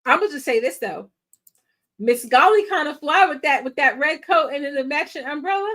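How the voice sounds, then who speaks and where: Woman host, casual film reaction, high-pitched, animated slang-filled chatter. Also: moderate pace. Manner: playful and exclaiming, using slang, talking to viewers. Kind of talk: casual movie reaction commentary.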